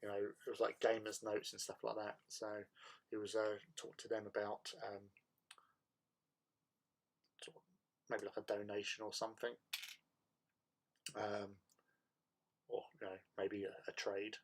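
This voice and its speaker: A man's voice: on the low side, completely flat delivery, measured pace, creaky, pauses often, background noise. A man hosting a hobby livestream, chatting casually with viewers in a rambling way and laughing often.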